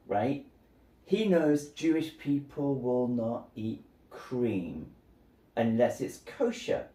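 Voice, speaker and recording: A man's voice: a little high, dark tone. A man in casual commentary, chatting through a movie scene with lots of fillers. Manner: chatty retelling, many fillers. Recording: roomy echo.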